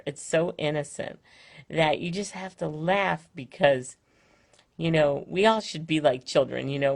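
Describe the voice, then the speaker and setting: An older woman chatting casually from her home on a live stream, rambling with many fillers and restarts. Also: deep voice. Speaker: Facebook Live host. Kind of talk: casual chat. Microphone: phone or webcam, live stream.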